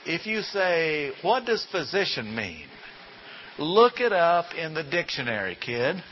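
Teaching Scripture in a homey classroom style, this man keeps posing rhetorical questions to his listeners. He speaks fairly high in a sing-song, slow, slightly bright voice, heard through a dull lo-fi recording with faint hiss.

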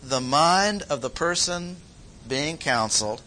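A man preaching a sermon, emphatic, repeating key phrases slowly with sudden jumps in pitch. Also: expressive, sharp tone, slight background noise, poor audio.

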